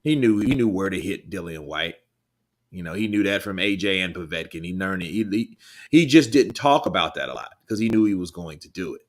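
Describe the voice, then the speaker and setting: Deep-voiced, animated and brisk, a livestream host runs loose live chat commentary on boxing, reading chat aloud, rambling, and breaking into swearing and laughter between thoughts.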